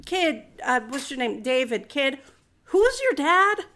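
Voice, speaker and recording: A woman's voice: high-pitched, very animated, slow pace, fairly bright tone, full character voice. Saul, a woman playing a doubtful king. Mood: skeptical. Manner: skeptical, fussy. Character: doubtful middle-aged king.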